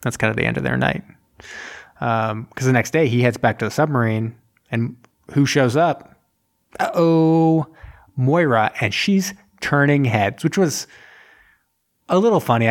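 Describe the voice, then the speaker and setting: A man in the middle of his usual pitch, talking through a movie plot as a podcast co-host. His delivery rambles, leans hard on "like" and slips in quick impressions of the characters. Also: gravelly. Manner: rambling, full of "like" and acted quotes. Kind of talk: casual movie recap chat.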